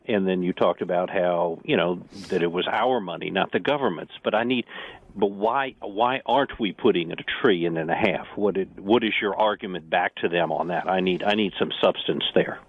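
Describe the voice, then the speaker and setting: Man, radio caller, hesitant, deep voice, tinny phone line. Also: no echo. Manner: hesitant, halting. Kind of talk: call-in on talk radio.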